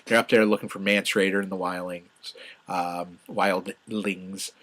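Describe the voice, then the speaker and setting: Enthusiastic rambling man, lowish voice. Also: quick pace. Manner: enthusiastic, rambling, many fillers and restarts, sudden loud excited outbursts. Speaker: podcast host reviewing a TV show. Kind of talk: casual solo commentary.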